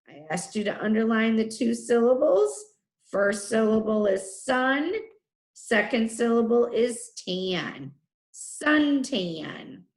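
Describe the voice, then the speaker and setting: A woman teacher leading a spelling lesson for children, sounding out letters and syllables slowly and deliberately. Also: on the high side, expressive, roomy sound.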